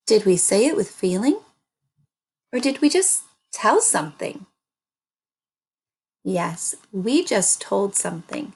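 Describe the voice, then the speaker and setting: A woman teaching an early reading lesson, speaking slowly and sounding out words for young children. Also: medium pitch, breathy edge.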